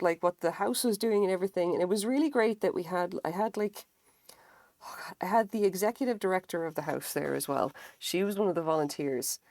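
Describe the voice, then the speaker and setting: Brief: tired, low-voiced woman on a craft live stream, rambling and self-mocking, swears casually, dry close sound. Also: a little mellow, dry recording. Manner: rambling, self-deprecating, acts out quotes in higher voices. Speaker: crochet streamer. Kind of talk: casual live-stream chat while crocheting.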